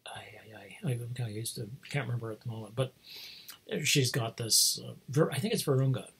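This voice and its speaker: Gravelly, husky man rambling through a story. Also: mid-range voice, fairly bright tone. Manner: meandering, self-deprecating, chuckles often, loses the thread. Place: home, speaking remotely.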